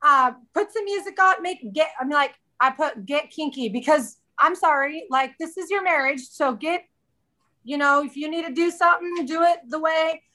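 A woman's voice: sits high, moderate pace, pushed and bright. A woman in her thirties, a podcast guest in casual chat, candid and chatty, often quoting herself.

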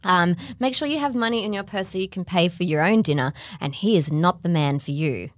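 A woman's voice: on the low side, brisk, no echo. A woman co-hosting a podcast, telling stories in a casual chat and laughing often. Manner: giggly, animated storyteller. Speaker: podcast co-host.

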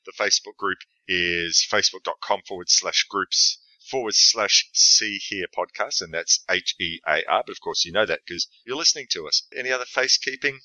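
A man's voice: low voice, moderate pace, hardly any pauses, dry recording, muffled recording. A man hosting a podcast in casual chat, rambling a little with restarts. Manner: relaxed, rambling, with stumbles and restarts. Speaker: podcast host.

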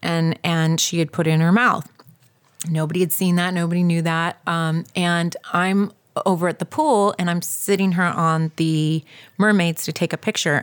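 A woman's voice: fairly low pitch, clean tone. A woman in her thirties co-hosting a podcast, telling a story to her listeners with lots of emphasis. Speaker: podcast co-host. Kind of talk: casual storytelling chat.

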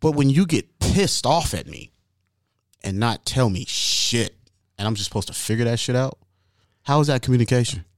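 Man hosting a chat, animated, swearing, very expressive pitch, dry close sound. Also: normal speed, no room sound. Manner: animated, profane, acts out quotes. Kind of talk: casual chat.

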